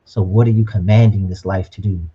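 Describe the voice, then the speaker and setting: Husky-voiced man hosting a podcast. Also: sits low, fairly even intonation, fairly quick, mellow, muffled recording. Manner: upbeat, preachy, often adds "right?" and "you know what I'm saying". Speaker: podcast co-host. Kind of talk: casual motivational podcast chat.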